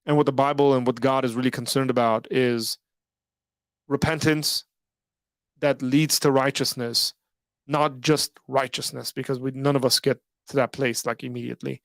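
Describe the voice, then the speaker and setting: A man's voice: medium pitch, level tone, moderate pace, a bit bright, no echo, studio quality. A man hosting a live call-in stream, talking casually with lots of "like" and "right?", his voice worn from hours of talking. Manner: rambling, filler-heavy, frequent "like" and "right?". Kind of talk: casual livestream talk.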